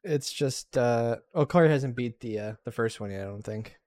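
A young man hosting a casual chat among friends, rambling with halting restarts. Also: medium pitch, warm tone, dry recording, clean studio sound.

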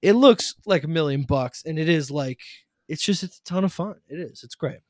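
A man's voice: on the high side, moderate pace, no echo, studio quality. A man talking casually about a movie as a podcast co-host, enthusiastic and rambling, with lots of fillers.

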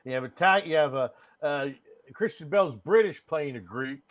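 A man co-hosting a podcast, giving blunt, profane opinions on films in an animated way. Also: on the high side, fairly quick. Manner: blunt, profane, animated, puts on silly voices. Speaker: podcast co-host. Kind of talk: casual movie-review chat.

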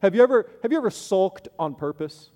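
A man's voice: high-pitched, expressive, brisk, warm tone, long reverb tail. A man preaching a sermon as pastor, conversational, with playful asides and acted-out voices of the people he describes.

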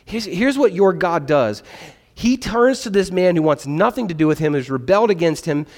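A man preaching a sermon, animated and conversational, acting out little exchanges in put-on voices. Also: sits high, moderate pace. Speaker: pastor. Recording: long hall reverb.

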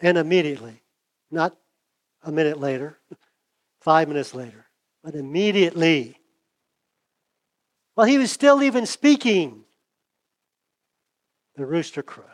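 A man preaching a sermon, conversational, acting out the dialogue with big swings from loud to hushed, and losing his voice. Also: a little high, animated, unhurried, long pauses. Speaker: pastor.

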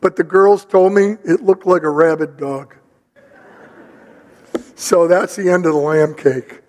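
An older man preaching a sermon, telling a family story in an animated, conversational way. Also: on the high side, unhurried, long reverb tail. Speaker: pastor.

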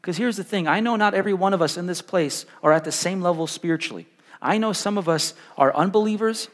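A young man preaching a sermon as pastor, animated and stumbling over repeated words, swinging between loud and hushed. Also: sits high, quick pace. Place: church hall. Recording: live in a reverberant church hall.

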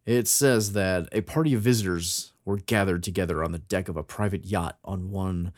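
A man with a lowish voice, chatting casually and then reading an old ghost tale aloud. He throws himself into the quoted lines with raised, dramatic delivery. The recording is dry and close. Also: normal speed, no room sound. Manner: reads aloud with theatrical voices for quoted characters. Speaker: podcast co-host.

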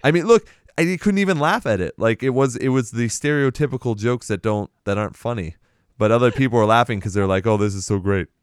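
A man's voice: medium pitch, fast, smooth, no room sound, clean studio sound. A man co-hosting a casual podcast chat, blunt and profane, laughing often. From Boston area. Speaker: podcast co-host.

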